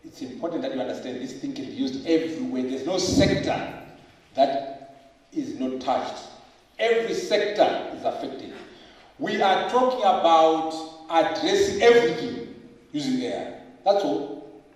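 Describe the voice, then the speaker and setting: A middle-aged man giving a lively speech at a book launch, firing rhetorical questions, joking and hammering points through repetition. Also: on the high side, a little slow. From Zimbabwe. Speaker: professor and author at a book launch. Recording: echoey hall, voice from far off.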